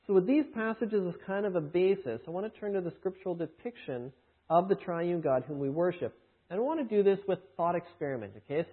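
Husky high-voiced man preaching, tinny sound. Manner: emphatic, rhetorical questions, reads scripture aloud. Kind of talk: sermon teaching.

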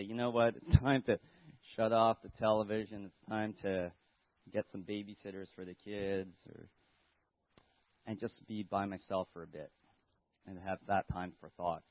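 A man's voice: on the low side, no room sound. A man giving a casual Sunday sermon, retelling a Bible story to children and reflecting aloud, with many restarts. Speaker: church member giving a Sunday message. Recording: dry, tinny phone-like sound.

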